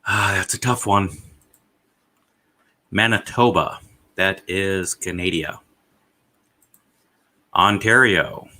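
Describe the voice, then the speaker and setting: A man live-streaming himself, rambling casually and thinking aloud, swearing now and then and filling pauses with "uh". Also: lowish voice, bright, forceful tone, a little hiss or hum.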